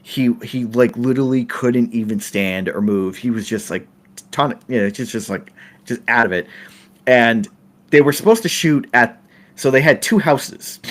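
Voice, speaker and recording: A man's voice: mid-range voice, moderate pace. A middle-aged man hosting a podcast, telling a film-set story in a casual way, laughing and restarting his sentences often. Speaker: podcast host.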